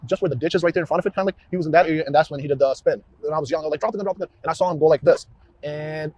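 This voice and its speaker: A man, a police officer, walking investigators through events in a halting way, often repeating words and restarting. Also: on the high side, fairly even intonation, mellow, dry recording, dull audio. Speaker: police officer questioned about a shooting. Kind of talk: recorded interview walkthrough.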